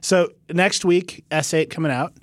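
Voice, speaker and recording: A man hosting a casual tech podcast, joking and quick, laughing often. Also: a little high, steady tone, dry recording. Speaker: podcast host.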